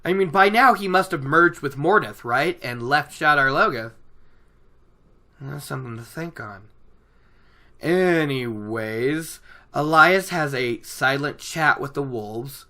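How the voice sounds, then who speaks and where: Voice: mid-range voice, lively intonation, takes it slowly, pushed and bright. A podcast host recapping a book chapter in a chatty way, with many "you know"s.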